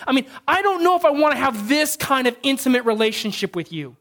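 A male pastor preaches in a lively, storytelling manner. He often stops and restarts his sentences and acts out family scenes as he speaks. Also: very high voice, fast talker, hardly any pauses. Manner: animated storytelling with frequent restarts. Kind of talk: sermon.

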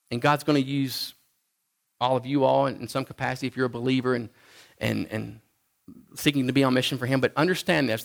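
Gravelly-voiced man preaching casually. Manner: conversational, halting, with frequent restarts and chuckles; acts out the Bible figures in a higher voice. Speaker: pastor. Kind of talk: sermon.

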